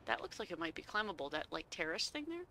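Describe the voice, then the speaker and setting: A woman's voice: lowish voice, big pitch swings, quick pace, pushed and bright, a little hiss or hum. A woman playfully commenting on a game as she plays, seated and chatting to herself. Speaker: gaming channel host. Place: seated at home.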